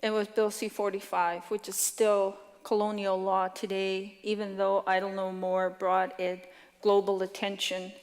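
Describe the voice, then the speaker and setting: A middle-aged woman activist giving a brisk, earnest conference talk, now and then stumbling over her words. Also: mid-range voice, monotone, a little mellow. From Canada. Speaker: activist speaker. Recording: long hall reverb.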